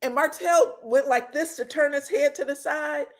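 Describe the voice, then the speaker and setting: A woman's voice: high-pitched, normal speed. A woman hosting a casual reality TV gossip recap. She tells the story with animation, acts out what each cast member said, laughs often and swears freely.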